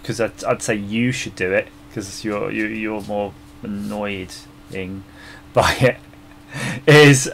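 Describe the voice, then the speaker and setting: A man's voice: mid-range voice, fairly bright tone. A man hosting a live stream, chatting casually and laughing often as he works, with his microphone about three feet from him. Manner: chatty, laughs often, mutters while searching. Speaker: livestream host designing a circuit board. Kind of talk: casual live-stream chat while working. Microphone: microphone about three feet away.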